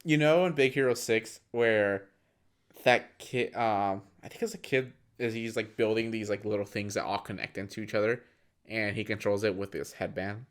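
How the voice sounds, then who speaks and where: A man's voice: lowish voice, normal speed. A man co-hosting a podcast, casually recapping a film in a rambling way with frequent fillers. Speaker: podcast co-host. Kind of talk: casual movie-review chat.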